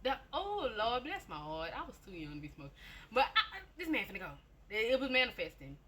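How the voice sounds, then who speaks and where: A woman's pitch swoops wildly in a slightly high, somewhat bright, husky voice as she speaks fairly quickly. She tells a chatty, repetitive personal testimony, casual in tone, often talking right to her listeners.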